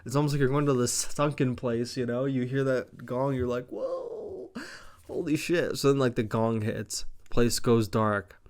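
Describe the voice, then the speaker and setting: A young man casually recapping a wrestling show, rambling, excited and profane. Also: mid-range voice, moderate pace, hardly any pauses, clean tone. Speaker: wrestling reviewer.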